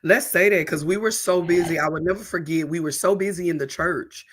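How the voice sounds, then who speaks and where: A woman's voice: on the low side, fairly quick, a bit bright, a little hiss or hum. A woman pastor co-hosting a church talk show, speaking in an emphatic, preacherly way. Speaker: pastor and co-host.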